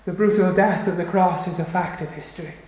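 A male preacher delivering a solemn, emphatic sermon, slowing down on key phrases. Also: sits high, steady tone, darkish tone. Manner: solemn, emphatic, slows for weight. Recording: very echoey church hall.

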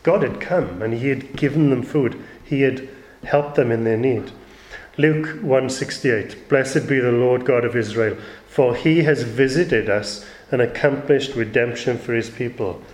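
Male pastor, mid-pitched, conversational sermon with asides, echoey room. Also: measured pace, a little mellow. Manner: plain conversational preaching with asides and restarts.

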